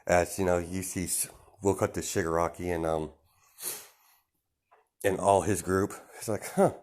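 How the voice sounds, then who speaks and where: A man improvising a fan story in casual, rambling speech, stopping and restarting often. His voice sits fairly low. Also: fairly even intonation, unhurried, darkish tone. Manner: rambling, full of fillers and restarts.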